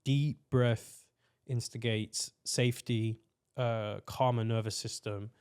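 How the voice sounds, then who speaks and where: A man speaks as a guest on a podcast, with a mid-range voice that sits neither high nor low. His delivery is earnest and exploratory, and he reaches for words with plenty of "like" fillers. He unpacks his ideas at length in a loose, conversational way. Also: fairly even intonation, slow, darkish tone, smooth. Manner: earnest, searching, many "like" fillers. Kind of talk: reflective conversational explanation.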